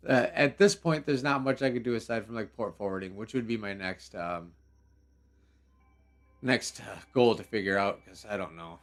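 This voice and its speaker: A young man runs a live game stream, chatting casually, using slang, and laughing as he reacts in a loose, rambling way. His lowish voice moves at normal speed but includes long pauses. Faint music sits in the background.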